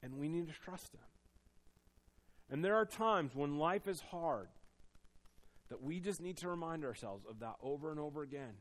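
A man preaching a sermon, earnest and personal, moving between quiet confession and emphatic exhortation. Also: a little high, animated, normal speed, pauses often. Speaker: pastor.

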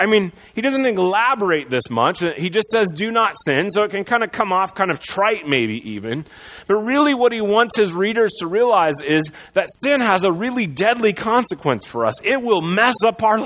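A man's voice: high-pitched, fairly bright tone, in a large hall, rough recording. A man preaching a sermon as pastor, in a conversational way with many fillers and restarts.

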